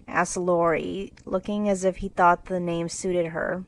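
A woman's voice: on the low side, unhurried, hardly any pauses, poor audio. Woman reading a classic story aloud. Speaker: narrator. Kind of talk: scripted storybook narration for English learners.

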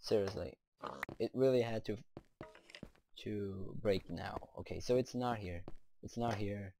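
A young man doing let's play commentary, excitable, talking to the creatures in his game and cursing now and then. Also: on the low side, measured pace, gravelly, slight background noise. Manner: excitable, talks to the game's creatures, curses.

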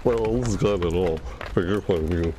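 This gaming channel host speaks low and fairly fast against a noisy background. He comments casually on his own play from home, chatty, easily rattled, and mostly talking to himself.

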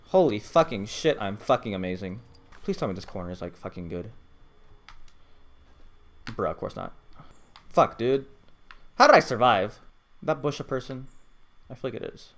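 A man giving live gameplay commentary, swearing constantly and swinging from low muttering to loud excited outbursts. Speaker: gamer.

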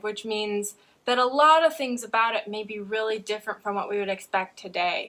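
Woman book reviewer, bright tone, earnest and keen, casual. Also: mid-range voice. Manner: earnest, enthusiastic, with small restarts.

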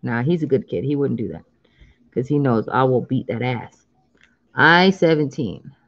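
Scratching lottery tickets live, a woman in her thirties talks in an animated bass voice at a moderate pace, drawing out the numbers she calls and laughing frequently. The sound quality is lo-fi.

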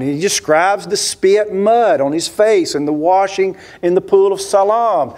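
A man's voice: high-pitched, moderate pace, hardly any pauses, a little mellow. A man, a pastor, preaching a sermon in a church, telling a story with many rhetorical questions and acting out the voices he quotes. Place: church sanctuary.

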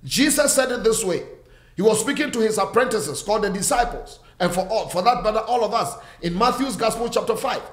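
A man preaching a sermon, emphatic and repetitive, speaking straight to his listeners and urging them to repeat after him. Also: high voice. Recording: roomy echo.

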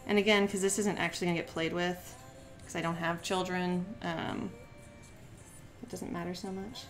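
A woman's voice: lowish voice, level tone, normal speed, over music. A woman chatting casually while demonstrating a craft on a live stream, giggly and full of "like" fillers.

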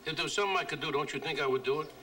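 An actor playing a tired older mob boss who answers in a flat, resigned way. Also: male voice, fairly high pitch, racing. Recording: distant film clip played on air.

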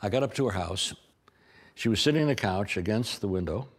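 An older man, a portrait painter, telling an animated anecdote with a raspy voice and lively asides. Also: on the low side, fairly quick. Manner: animated, acts out voices, stammers. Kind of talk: anecdotal storytelling.

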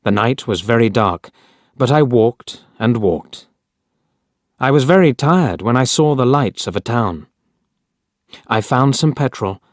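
Slow, clear male storybook narrator. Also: mid-range voice, darkish tone, no echo, studio quality. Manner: clear, deliberate graded-reader delivery. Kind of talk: audiobook story reading.

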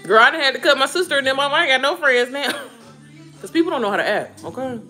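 A woman in her thirties chats casually with her viewers, swooping all over her register in a fairly high, bright voice. She calls them girl and baby as she talks. Music plays quietly behind her. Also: quick pace. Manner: chatty, animated, addresses listeners as girl and baby. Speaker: vlogger talking to viewers while cooking. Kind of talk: casual chat.

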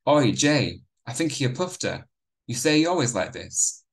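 A man's voice: mid-range voice, big pitch swings, moderate pace, voice pushed up, natural voice. A man voicing a menacing teenage boy who bullies and taunts, in a crude, jeering way. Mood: taunting. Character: menacing teenage male gang bully.

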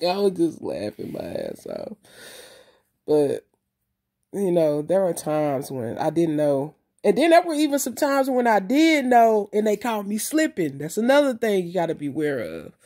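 A woman's voice: medium pitch, lively intonation, dark tone. A woman vlogger talking casually to her camera in loose street slang, swearing often and repeating phrases for emphasis. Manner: repeats herself and pauses with fillers. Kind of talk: casual video monologue.

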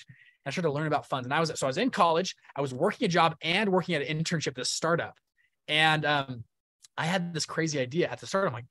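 Young male presenter, live webinar, upbeat and chatty, slightly higher voice, dry close sound. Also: fairly bright tone, dry recording. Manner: upbeat, casual, keeps checking in with listeners. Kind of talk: live online teaching talk.

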